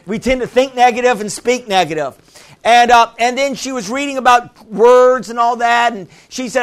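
A man preaching a sermon to a congregation, lively and humorous, laughing often and calling out "Amen?" to the room. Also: very high-pitched, normal speed, smooth. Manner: laughs often, restarts phrases.

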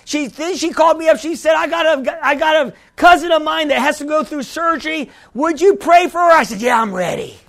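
A middle-aged pastor preaches fairly quickly and with few pauses, his very high voice carrying vocal fry. He tells his stories quietly at first, then rises to excited shouts.

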